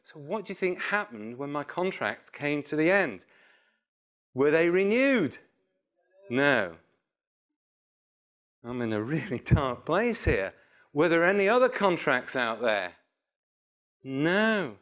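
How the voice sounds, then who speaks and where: Middle-aged guy doing a storytelling talk to a crowd, animated, pokes fun at himself, bit of a high voice. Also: takes it slowly, pauses often. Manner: animated, self-mocking, acts out phone calls. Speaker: public speaker. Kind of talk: storytelling talk to a live audience.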